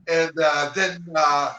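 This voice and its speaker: A man's voice: fairly high pitch, bright, forceful tone, lo-fi sound. A man guest in a casual interview, telling rambling stories and acting out what others said. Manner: rambling, acts out quoted dialogue. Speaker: martial arts guest. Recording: echoey room from far off, faint noise.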